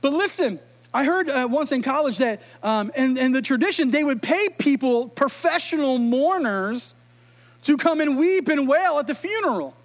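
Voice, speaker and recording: A man's voice: very high voice, expressive, normal speed. A man preaching a sermon in a humorous, conversational way, acting out quotes. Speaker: pastor.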